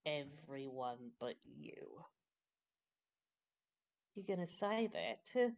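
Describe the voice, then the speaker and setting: A woman voicing a male brute who quietly threatens a captured goblin in a tabletop game. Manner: low, slow, quietly threatening.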